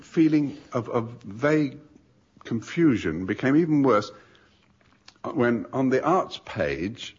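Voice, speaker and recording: A man's voice: medium pitch, slightly rough. A man delivering a dry, wry comic monologue, musing aloud on a radio panel show. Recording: dull radio recording with faint noise.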